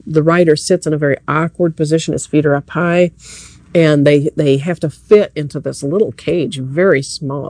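A warm, mellow-voiced preacher offers an earnest evening-service sermon, talking conversationally and directly to those listening. His pitch is at an ordinary middle level, and there's no echo.

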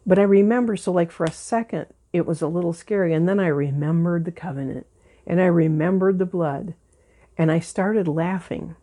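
Woman, pastor, conversational sermon, mellow husky voice, emphatic repetition. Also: fairly low pitch, normal speed. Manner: earnest, emphatic, repeats words for stress.

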